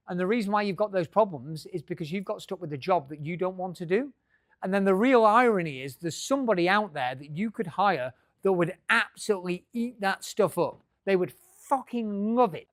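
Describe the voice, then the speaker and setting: A man's voice: high voice, brisk, no echo, studio quality. A middle-aged man giving a business talk to a live audience, joking and swearing freely. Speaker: business speaker.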